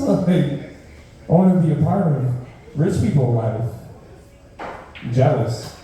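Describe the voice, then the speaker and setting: A man's voice: on the high side, takes it slowly, long pauses. A man performing a stand-up set at an open mic, ranting in disbelief with plenty of swearing. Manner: animated, profane, incredulous rants. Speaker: stand-up comedian. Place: open mic comedy room. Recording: very echoey room, mic far off.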